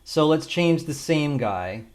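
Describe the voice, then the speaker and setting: Slow, rambling man swearing casually. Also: fairly high pitch, animated. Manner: loose, rambling, swears casually, thinks aloud. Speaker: video creator demonstrating an AI video tool. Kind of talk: casual screen-recorded tutorial.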